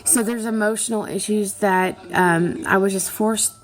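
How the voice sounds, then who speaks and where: A middle-aged woman talking through a personal confessional vlog, earnest and halting, with frequent pauses and restarts. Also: medium pitch, fairly even intonation. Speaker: vlogger.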